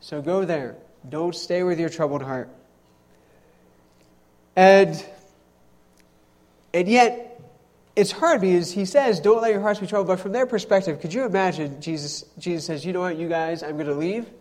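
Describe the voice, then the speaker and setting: A man's voice: sits high, measured pace, pauses often, a little mellow. A young man, a pastor, preaching a sermon in a conversational way with self-deprecating humor.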